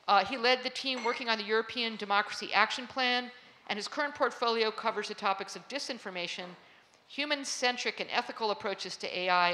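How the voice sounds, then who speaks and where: A woman's voice: medium pitch, sharp tone. A woman moderating a conference panel in a hall before a live audience, introducing guests in a chatty way with many fillers.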